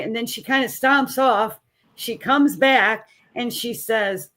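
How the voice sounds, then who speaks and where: A middle-aged woman tells her own story in a candid, folksy way, speaking as a grieving mother. She replays each exchange by giving both sides of it, and her voice falls low and quiet at the hardest parts. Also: unhurried. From Missouri. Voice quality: plain-spoken, folksy. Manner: re-enacts both sides of conversations, voice sinking low and soft at painful moments. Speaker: guest, mother of a missing son.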